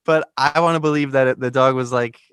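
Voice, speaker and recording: A relaxed man chatting as a podcast guest, easygoing and quick to laugh. He slips into little impressions of people he talks about. His voice sits in a middle pitch and sounds dry, close and free of room echo. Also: smooth. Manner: laid-back, laughing, acts out quoted people. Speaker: singer-songwriter guest. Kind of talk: casual conversation. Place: New York.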